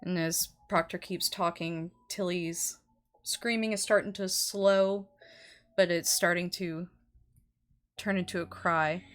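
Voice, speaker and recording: Woman game master, slow, low voice, measured storytelling, faint music. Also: steady tone, fairly bright tone. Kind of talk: narrating a tabletop role-playing game.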